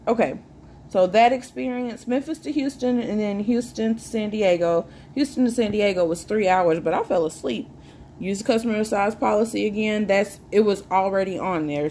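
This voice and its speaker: Sipping a drink between lines, a woman vlogger in her twenties talks jokingly and chattily to the camera for her viewers. Her lowish voice has a slightly mellow quality, and the audio carries a faint hiss or hum.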